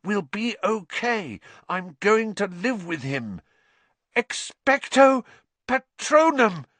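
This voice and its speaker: A man voicing a desperate teenage boy wizard, shouting urgently as he fights dark creatures. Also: sits high, big pitch swings, takes it slowly, no echo, voice pushed up, heavily acted. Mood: pleading. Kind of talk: audiobook character voice.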